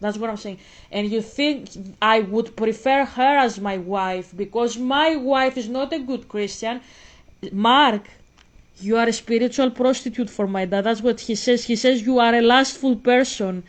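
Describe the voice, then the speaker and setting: Woman, vlog rant, emphatic, argumentative, somewhat high voice. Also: unhurried. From Greece. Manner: emphatic and argumentative, addresses a critic directly. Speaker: vlogger. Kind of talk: casual ranting monologue to camera.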